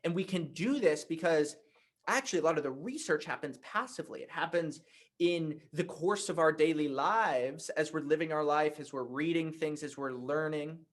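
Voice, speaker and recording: Animated storytelling man, slightly high. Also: moderate pace. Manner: conversational, anecdotal, animated. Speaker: writing teacher. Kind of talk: workshop talk with storytelling.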